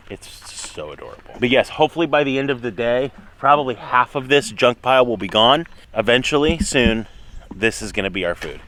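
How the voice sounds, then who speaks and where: A man's voice: fairly low pitch, fairly bright tone, slight background noise. A man vlogging about his homestead garden, chatty and playful, talking outdoors. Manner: chatty and playful, coos at animals. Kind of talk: casual family vlog.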